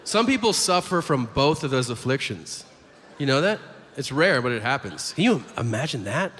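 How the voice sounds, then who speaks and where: A man in his forties doing a stand-up routine, telling stories animatedly and acting out characters with sudden high-pitched outbursts. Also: sing-song, moderate pace, fairly bright tone. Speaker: stand-up comedian. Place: large comedy venue with audience. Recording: live stage recording in a reverberant hall with ambient noise.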